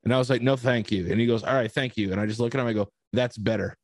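A man on a podcast telling a story in casual chat, profane and animated, acting out the dialogue. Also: medium pitch, very fast, dry recording. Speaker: podcast host.

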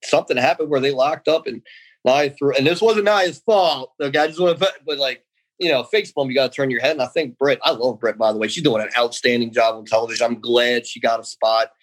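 A man in his thirties tells a long, loose story in a relaxed interview. He rambles, restarts his sentences and jumps up in pitch whenever he acts out what other people said to him. His voice sits in a middle register. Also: fairly quick, poor audio. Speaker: guest, former pro wrestler.

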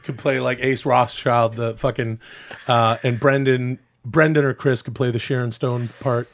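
A man's voice: mid-range voice, level tone, moderate pace, gravelly, dry recording. A man hosting a podcast, chatting casually in a rambling, joking way with swearing. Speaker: podcast host. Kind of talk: casual chat.

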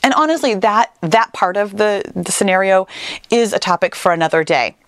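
A woman giving an earnest motivational talk to her listeners, stressing key words and stretching them out for emphasis. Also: dry recording. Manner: earnest and emphatic, with animated pitch leaps and drawn-out stressed words.

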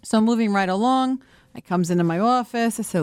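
A woman's voice: fairly high pitch, fairly quick, a little mellow, smooth, dry recording. A woman co-hosting a talk show, telling stories in a teasing, bossy way. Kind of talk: studio banter and anecdote.

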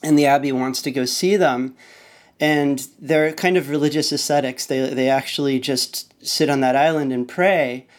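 A man with a mid-pitched voice joins a podcast as a guest. He retells a story in a loose, halting way, stopping often to restart his sentences. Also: steady tone. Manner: rambling and hesitant, with many restarts. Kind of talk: casual conversation, retelling a story.

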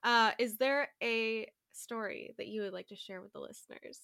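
Woman podcast host, bright lively voice, dry recording. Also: on the high side, moderate pace, vocal fry, smooth, no echo. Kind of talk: casual interview.

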